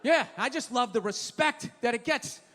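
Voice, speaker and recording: A male stand-up comedian ranting profanely in a live set, swinging from mumbled asides to shouting. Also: very high voice, animated, normal speed. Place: theater stage before a live audience. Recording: live hall with crowd noise. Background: crowd laughing and applauding.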